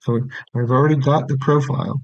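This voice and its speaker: A man teaching audio production, explaining each step in a relaxed way and checking in with "okay". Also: mid-range voice, fast talker, vocal fry, no room sound. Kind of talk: screen-recorded software tutorial. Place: small room at his desk. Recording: dry, dull lo-fi recording.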